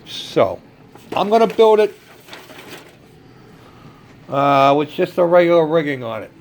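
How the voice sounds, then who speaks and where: A man's voice: fairly high pitch, sing-song, measured pace. An older man telling a casual, rambling story about building model ships, with plenty of fillers. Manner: rambling, conversational, with many fillers.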